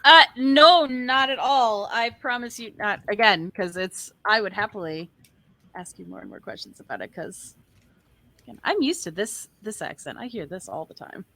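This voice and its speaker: A woman's voice: medium pitch, expressive, normal speed, pushed and bright. An American woman chatting casually and easygoing, laughing often with her co-hosts. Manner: giggly, easygoing. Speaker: artist co-host. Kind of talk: casual chat.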